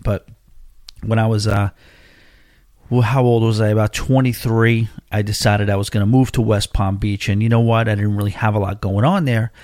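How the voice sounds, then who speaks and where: A man's voice: lowish voice, a little mellow, no room sound, studio quality. A man, hosting a podcast and telling a long personal story in a casual, rambling way, full of asides and fillers. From Long Island, New York. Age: 40s. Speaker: podcast host.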